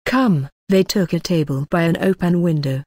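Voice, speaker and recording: Woman narrating an audiobook, lowish voice. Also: brisk, warm tone, no echo, studio quality. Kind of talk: scripted narration.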